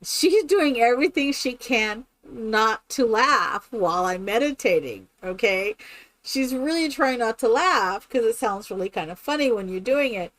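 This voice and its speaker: Animated, chatty woman with a bright voice. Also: on the high side, a little slow, no room sound. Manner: animated storyteller, laughs often, keeps asking "right?". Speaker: streamer. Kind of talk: casual chat while playing a game.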